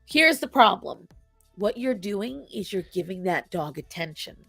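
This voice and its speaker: A woman's voice: medium pitch, expressive, a little slow, vocal fry, pushed and bright, slightly rough, no room sound, soft background music. A woman co-hosting a casual talk show, speaking emphatically and acting out quotes as she makes her points. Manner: emphatic, opinionated, acts out quotes. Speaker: podcast co-host. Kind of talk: casual chat on pet behavior.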